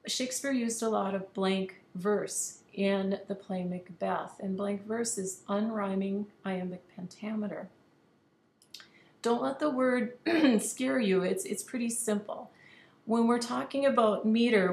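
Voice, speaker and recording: A woman teacher talks through a literature lesson in a patient, clear voice at a middle pitch. She leans hard on stressed syllables when giving examples. The room rings with echo over a faint hiss. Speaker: online high school English teacher. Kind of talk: recorded lesson explanation.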